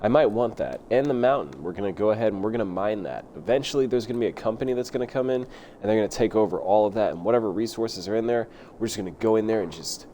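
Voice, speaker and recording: A man streaming a city-building game live, rambling excitedly and talking to himself as he plays. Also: lowish voice, fast talker, slight background noise. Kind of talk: casual live gameplay commentary.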